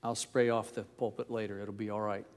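A man's voice: on the low side, level tone, smooth. Older man preaching in a reverberant church. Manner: folksy and anecdotal with frequent filler pauses; slow, deliberate scripture reading. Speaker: pastor. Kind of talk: sermon.

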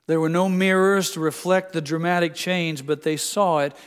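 An older man preaches to his congregation, his voice sitting high for a man. He asks them questions directly and earnestly. His words ring with a long reverb through the church hall. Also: steady tone, moderate pace, clean tone. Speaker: pastor. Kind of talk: sermon. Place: church sanctuary.

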